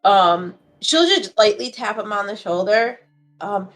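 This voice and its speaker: A woman's voice: medium pitch, expressive, measured pace, soft background music. A woman player describing her character's actions in a tabletop game, rambling and hesitant.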